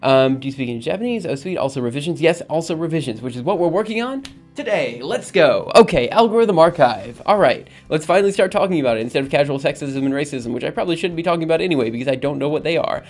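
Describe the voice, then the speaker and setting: A man's voice: fairly high pitch, expressive, quick pace. A man hosting a casual coding livestream, talking to chat in an upbeat, rambling way with many fillers, with faint music behind him. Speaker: livestream host.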